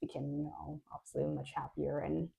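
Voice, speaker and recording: A woman co-hosting a podcast, telling a story in casual chat, animated and laughing often. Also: deep voice, a little fast, creaky. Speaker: podcast co-host.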